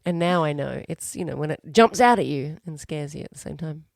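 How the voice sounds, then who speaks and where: Gravelly woman, wry quips. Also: low-pitched, lively intonation, fairly quick, a little mellow, no room sound, clean studio sound. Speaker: podcast co-host. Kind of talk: casual chat.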